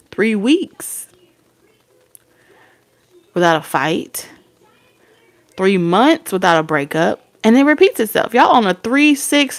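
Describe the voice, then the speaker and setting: A young woman giving a casual tarot reading, blunt and swearing freely as she acts out imagined back-and-forth dialogue. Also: on the high side. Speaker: tarot reader.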